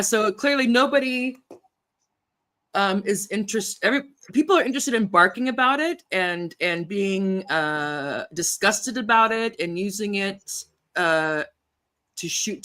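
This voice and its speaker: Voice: mid-range voice, expressive, a little slow, sharp tone. Rambling, laughing interview host. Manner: rambling, laughs often, many fillers. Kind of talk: political interview.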